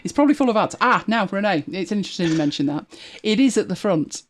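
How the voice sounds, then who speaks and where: An English-accented woman from Manchester hosts a live podcast, keeping the chat casual as she tells wry, laugh-filled stories about everyday life in a chatty way. Her mid-range voice is expressive and quick.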